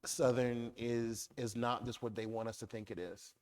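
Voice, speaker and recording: Animated man riffing in a public talk. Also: mid-range voice, normal speed. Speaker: guest author. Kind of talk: public conversation on stage.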